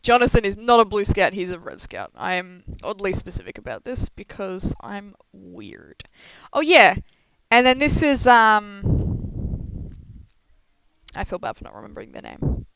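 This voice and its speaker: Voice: medium pitch, big pitch swings, a little slow, gravelly, a bit bright, smooth, no room sound. A young adult streamer chatting casually and rambling with frequent giggles and self-deprecating asides during a live stream. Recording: slightly dull lo-fi mic, dry.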